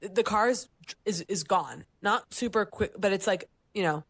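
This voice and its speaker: Animated storytelling woman, dry sound. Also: normal speed, husky, no room sound. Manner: animated storyteller, acts out voices and jumps up high for quoted lines. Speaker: podcast co-host. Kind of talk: casual chat, telling a story.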